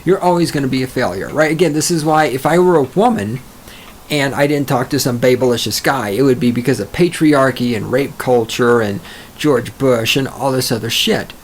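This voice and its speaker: A man's voice: medium pitch, normal speed, a little hiss or hum. A man hosting a solo podcast, rambling and profane, mocking himself as he goes off topic. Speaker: podcast host.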